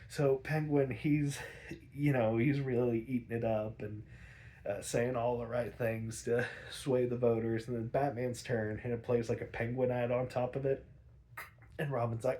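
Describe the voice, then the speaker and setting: A young man casually recapping a TV episode, rambling with lots of fillers, laughing often and acting out characters in quick raised voices. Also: mid-range voice, darkish tone. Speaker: podcast host recapping episodes.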